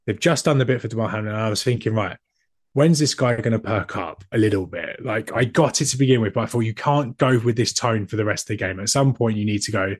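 British guy co-hosting a podcast, lowish voice, dry close mic, chatty and animated. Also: fast, no echo. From Britain. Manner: animated storyteller, restarts and mimics others. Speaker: podcast co-host. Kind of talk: casual chat.

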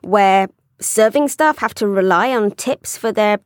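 A woman co-hosting an advice chat, wry and quick to laugh, also reading letters aloud. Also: mid-range voice, no room sound, clean studio sound. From United Kingdom. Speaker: co-host. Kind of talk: casual chat.

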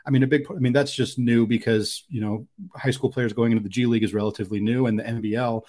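A man's voice: medium pitch, steady tone, fast, darkish tone. A man with a mid-range voice co-hosting a casual sports chat. He thinks aloud and muses, filling his talk with likes and restarts. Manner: thoughtful, musing, many fillers. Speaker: podcast co-host.

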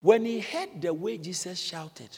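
A man preaching a sermon in a church, explaining and exclaiming with animated emphasis. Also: high-pitched, a little slow, breathy edge, long reverb tail. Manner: animated preaching, bursts into shouts when quoting. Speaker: pastor.

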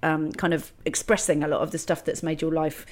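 A woman's voice: sits low, little pitch movement, a little fast, a little mellow. A middle-aged woman, talking candidly and reflectively on a podcast, often restarting her sentences. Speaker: podcast host. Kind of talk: casual conversation.

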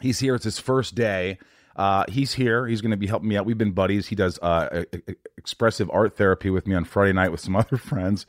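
A man in his forties hosting a podcast in casual chat, animated and rambling, talking about being amped up. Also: on the low side, fairly quick, no echo, clean studio sound. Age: 40s. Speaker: podcast host.

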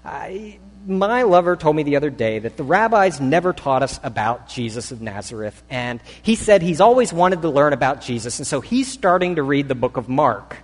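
A man's voice: a little high, sing-song, normal speed, few pauses. A searching, confiding woman, as a preacher puts her on. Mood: eager. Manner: hesitant, confiding. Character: sophisticated secular woman, earnest and searching. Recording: long hall reverb.

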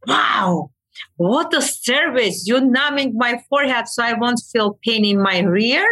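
A man's voice: extremely high pitch, expressive, measured pace, pushed and bright, exaggerated voice. A woman with an Armenian accent voicing an amused British man at a skin clinic, in her own slightly raised voice. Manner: joking, playful.

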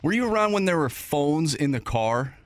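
A man's voice: on the high side, very animated, moderate pace, no echo, studio quality. A man co-hosting a sports radio show, reading listener texts and chatting casually. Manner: reads listener texts aloud, easygoing. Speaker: radio co-host.

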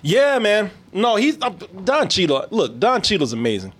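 A man's voice: sits high, wildly swooping pitch, moderate pace, fairly bright tone, breathy edge. A man hosting a podcast in loose, profane casual chat, laughing often. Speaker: podcast host.

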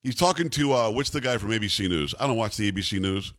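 A man's voice: on the low side, expressive, fast talker, a bit bright. A middle-aged man hosting a talk radio show, chatty and joking, laughing often as he banters with his co-host.

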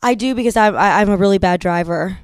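Wry woman with a smooth voice. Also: mid-range voice, quick pace, no echo. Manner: wry, self-deprecating storyteller. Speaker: guest. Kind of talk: casual comedic chat.

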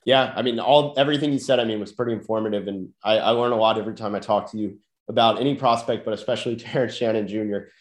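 A man's voice: fairly low pitch, quick pace, few pauses. A podcast host getting over a cold, with a nasal voice, chatting casually about basketball draft prospects and often repeating words as he starts his thoughts. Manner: hesitant, repeats words when starting sentences. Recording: echoey room.

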